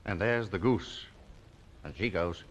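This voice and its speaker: A man presenting a children's TV show, talking gently and slowly to young viewers and coaxing them to join in. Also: low voice, slight background noise. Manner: slow, coaxing, sing-song, invites the viewer to join in. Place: television studio.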